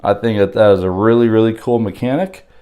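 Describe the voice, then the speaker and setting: A man with a slightly hoarse voice gives a casual, halting unboxing walkthrough, pausing often with fillers. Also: lowish voice, warm tone. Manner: unhurried, halting, with many pauses and fillers. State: slightly hoarse from losing his voice. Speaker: board game unboxing host.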